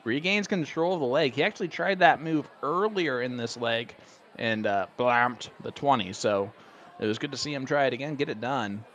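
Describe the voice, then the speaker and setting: An excitable male commentator calling a darts match live. He talks in a chatty, joking way at a middling pitch, with faint noise underneath. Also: moderate pace, lo-fi sound.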